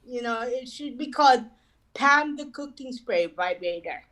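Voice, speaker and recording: A woman's voice: on the high side, lively intonation, unhurried, fairly bright tone, low-quality recording. A woman doing an online stand-up set, rambling and swearing, with lots of "you know" fillers. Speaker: stand-up comedian.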